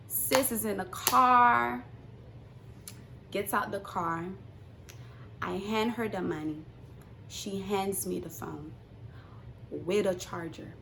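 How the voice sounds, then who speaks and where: Young woman vlogger, casual storytime, animated, acts out dialogue, soft hiss behind. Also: fairly high pitch, slow pace, gravelly, long pauses. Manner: animated, acts out quotes, swings between hushed and loud.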